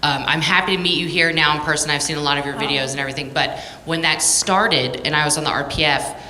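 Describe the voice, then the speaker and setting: Low bright-voiced woman in a hall. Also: steady tone, fast talker. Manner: earnest, rambling with fillers. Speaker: audience member asking at Q&A. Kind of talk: audience comment. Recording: hall reverb with faint noise.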